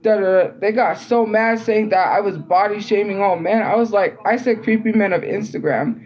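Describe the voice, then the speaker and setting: A woman's voice: medium pitch, moderate pace, darkish tone, low-quality recording. Young woman, livestream host, casual storytelling, rambling, filler words, exasperated. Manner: rambling, filler-heavy, with frequent "like" and restarts; exasperated and incredulous.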